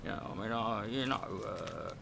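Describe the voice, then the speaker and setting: A muttering old London gangster, as a man puts him on for a laugh, quiet and halting. He mumbles through every phrase and keeps trailing off, the words half swallowed. It is a comic impression. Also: fairly low pitch, gravelly, slight background noise, pitched below the performer's own voice, exaggerated voice. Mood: mumbling.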